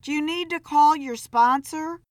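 A woman's voice: high voice, unhurried, no echo, clean studio sound, pitched above the performer's own voice. A woman voicing a teasing young bartender.

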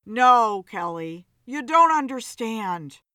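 A woman's voice: fairly high pitch, big pitch swings, slow pace, pushed and bright, no echo, studio quality, exaggerated voice. A woman voicing a bitter, self-pitying man who drinks hard, in an audiobook story. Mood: defensive.

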